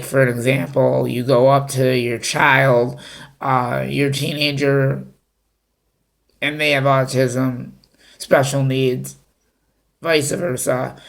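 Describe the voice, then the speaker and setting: A man talking off the cuff to his viewers, giving advice in a halting way with many fillers and restarts. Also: mid-range voice, creaky. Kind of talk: unscripted talk to camera.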